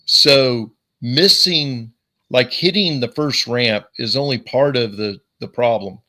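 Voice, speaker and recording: An enthusiastic man hosts a podcast, warmly affirming his guests in casual talk. His voice is bright and forceful at a middle pitch. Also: takes it slowly.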